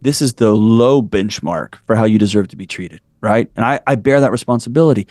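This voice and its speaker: A man's voice: on the low side, a little fast, a little mellow, dry recording, studio quality. A man in his forties, a podcast guest, talking candidly and bluntly, building his points up with preacher-like fervor. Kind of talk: candid interview storytelling.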